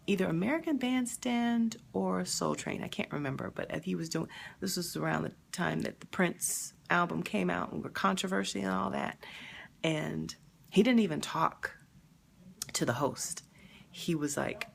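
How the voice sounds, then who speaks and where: A woman hosting a live stream, talking emotionally and haltingly, sad and near tears, pausing to answer viewer comments. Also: lowish voice, gravelly, a little hiss or hum. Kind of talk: grieving live stream reaction.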